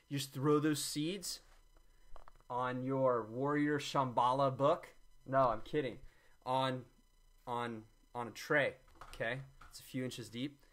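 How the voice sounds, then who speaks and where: Here a male vlogger's fairly bright, mid-range voice carries a jokey, meandering demo of a homemade juice recipe. He frequently takes back his own gags with an "I'm kidding."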